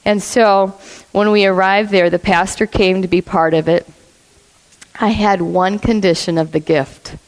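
A woman telling a story in a sermon, blunt and animated, acting out what people said. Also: mid-range voice, unhurried. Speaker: church speaker. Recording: long reverb of a hall.

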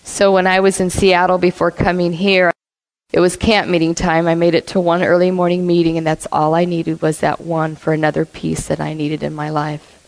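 A woman with a fairly low, fairly flat voice preaches a sermon to a congregation at a normal speed, and the audio quality is poor. She poses questions to her listeners, laughs often, and performs the voices of the people in her stories as a storyteller would.

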